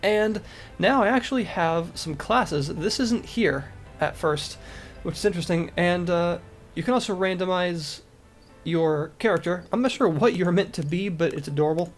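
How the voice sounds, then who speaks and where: A man with a cold, sounding stuffy, raspy and nasal, talking casually through a video game review with fillers and restarts. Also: high voice, moderate pace, soft background music. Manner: rambling, with fillers and self-corrections. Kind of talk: casual gameplay commentary.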